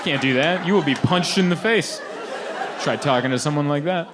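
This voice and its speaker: A man doing a stand-up comedy set on stage, animated and laughing often as he acts out little scenes. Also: a little high, moderate pace, a crowd in the background, noisy background. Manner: animated, laughing often, acting out quoted voices. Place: live comedy venue with audience.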